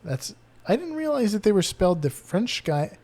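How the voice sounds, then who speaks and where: A man's voice: high-pitched, big pitch swings, moderate pace, darkish tone. A playful man sharing bird trivia. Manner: playful, reads facts then riffs with jokes. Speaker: podcast co-host presenting bird facts. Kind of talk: casual chat.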